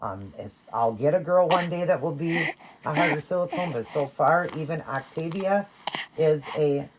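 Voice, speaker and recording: A woman chatting casually in a vlog, talking softly and fondly while she dresses her dolls. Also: sits low, lively intonation, moderate pace, very noisy. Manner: soft, doting, rambling. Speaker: doll collector and vlogger.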